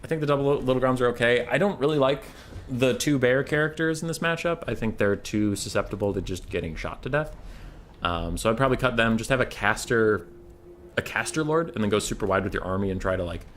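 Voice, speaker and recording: A man's voice: lively intonation, quick pace, fairly bright tone, slight background noise. A man casually streaming and giving game strategy advice, swearing now and then. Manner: swears casually, breaks into a high baby-talk voice for his dog. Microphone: desk microphone.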